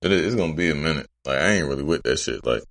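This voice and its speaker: A man's voice: extremely low pitch, expressive, fast talker, a bit bright. A man co-hosting a podcast in casual chat, laid-back and rambling, with lots of swearing. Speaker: podcast co-host.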